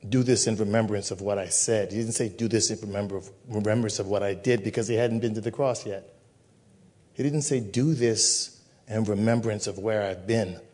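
A man's voice: on the low side, fairly even intonation, normal speed, darkish tone. A male pastor giving a communion sermon, repeating phrases with emphatic preaching cadence.

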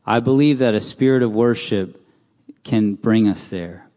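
A man's voice: on the low side, unhurried, dark tone. A man giving a casual, conversational sermon in a church, often putting questions to the congregation. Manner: casual, asks the crowd questions. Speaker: preacher. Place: church hall. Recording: long hall reverb.

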